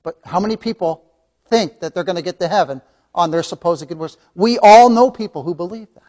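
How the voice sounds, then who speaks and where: Impassioned preacher man, loud then hushed. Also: high voice, expressive, normal speed. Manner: impassioned, swings from loud emphasis to hushed asides; calls listeners "beloved", repeats key phrases. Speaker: Sunday school teacher. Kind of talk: preaching a Bible lesson.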